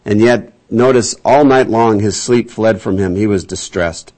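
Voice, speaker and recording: A man's voice: lowish voice, measured pace, darkish tone. Folksy man preaching a conversational sermon. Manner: folksy, chatty storytelling with frequent restarts. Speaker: pastor. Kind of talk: conversational Bible-teaching sermon.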